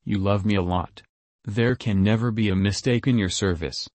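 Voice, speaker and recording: A man voicing a serene elderly male saint who speaks calmly and gently in a storytelling reading. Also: fairly low pitch, no room sound, natural voice. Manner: calm, gentle, unhurried speech.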